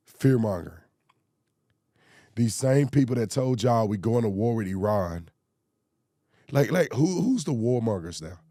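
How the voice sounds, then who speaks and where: A man's voice: lowish voice, warm tone, no room sound, clean studio sound. A man hosting a political commentary show, talking emphatically with repeated rhetorical questions while straining a voice he says he is losing.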